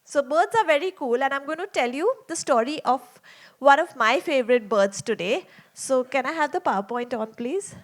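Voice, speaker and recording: A woman's voice: high-pitched, animated, moderate pace. A woman telling a story to young children in a small theater, chatty and asking them lots of questions.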